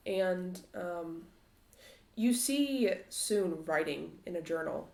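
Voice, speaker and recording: Woman game master, slow and halting, gravelly, lively pitch, roomy sound. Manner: halting, with many fillers, low and somber. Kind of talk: narrating a tabletop game. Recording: roomy echo.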